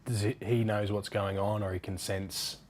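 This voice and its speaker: A man interviewing a guest, asking measured questions with many ums. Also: fairly low pitch, little pitch movement, a little mellow. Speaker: sports interviewer. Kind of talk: sit-down interview.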